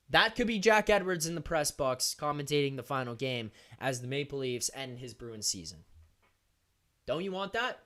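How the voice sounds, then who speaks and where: A young man hosting a live sports stream, talking fast and animated straight to his viewers, often laughing. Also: mid-range voice. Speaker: host of a hockey post-game live stream. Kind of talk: energetic live-stream chat.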